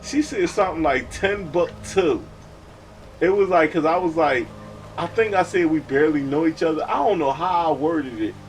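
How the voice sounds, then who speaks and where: Profane young streamer, far from mic. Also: male voice, fairly high pitch, normal speed, a little hiss or hum. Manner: profane, rambling anecdote. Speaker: gaming streamer. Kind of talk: casual storytelling chat. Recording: distant mic with loud game music.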